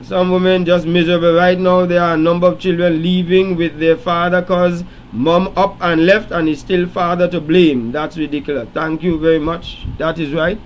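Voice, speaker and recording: A man hosts a late-night call-in show, his fairly high voice moving from storytelling into firm, preachy lecturing. A faint hiss sits under the recording. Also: flat delivery, moderate pace, hardly any pauses, highs cut off. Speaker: radio show host.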